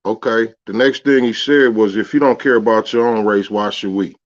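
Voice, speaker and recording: A man's voice: lowish voice, fairly even intonation, normal speed. Male radio co-host, laid-back and slangy, hits his points hard, muffled lo-fi sound. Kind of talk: casual call-in radio talk.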